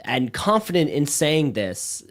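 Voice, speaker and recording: A man co-hosting a podcast in a studio, chatting casually in an excitable, rambling way, with lots of fillers and swearing. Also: fairly high pitch, a little slow. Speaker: podcast co-host.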